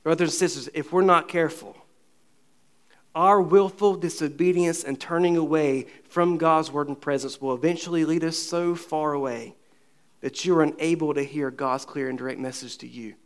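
A man's voice: on the high side, fairly even intonation, normal speed. A man preaching a sermon to his congregation, asking rhetorical questions and acting out the dialogue of the scripture story. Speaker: pastor.

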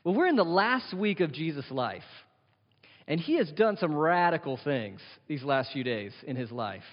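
Male pastor, earnest conversational sermon, somewhat high voice, muffled recording with long reverb. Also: sing-song, moderate pace. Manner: earnest, conversational preaching with rising emphasis. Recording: dull sound with long hall reverb.

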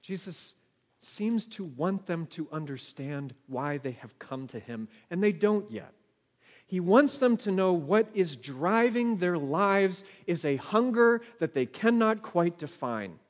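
High-voiced pastor in a reverberant hall. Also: male voice, expressive, takes it slowly. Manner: earnest, asks the listeners questions. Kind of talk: sermon. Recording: long reverb of a large hall.

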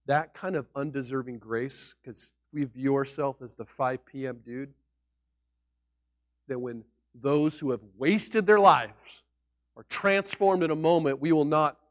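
A man preaching a sermon as pastor, emphatic, with sudden loud peaks on key words. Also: mid-range voice, no room sound. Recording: dull lo-fi recording.

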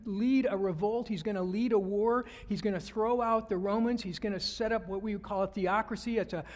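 A man's voice: high-pitched, steady tone, a little fast, big-room sound. A man preaching a sermon as pastor, talking conversationally and asking the congregation questions.

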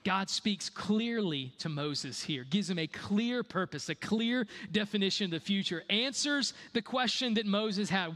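A man's voice: sits high, animated, measured pace, hardly any pauses, fairly bright tone, long reverb tail. A man preaching a sermon as a pastor, conversational, repeating key phrases and asking rhetorical questions.

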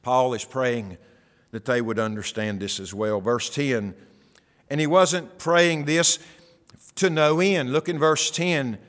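A man's voice: mid-range voice, fairly even intonation, slow pace, a bit bright, in a large hall. A male pastor giving a sermon in a conversational preaching style, often asking the listeners rhetorical questions.

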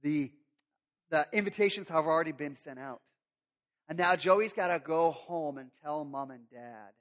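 A male pastor preaches in a relaxed, conversational storytelling way and drops humorous asides along the way. His voice sits fairly high. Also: moderate pace. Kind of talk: sermon.

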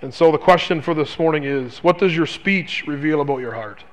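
A male pastor preaching a sermon, emphatic, asking his listeners rhetorical questions and dropping to a hushed voice on key phrases. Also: on the high side, fairly quick.

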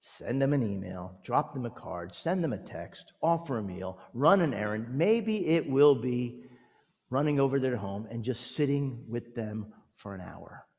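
A man preaching a sermon as a pastor, gentle and earnest, telling stories and leading prayer. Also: mid-range voice, lively intonation, unhurried. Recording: long hall reverb.

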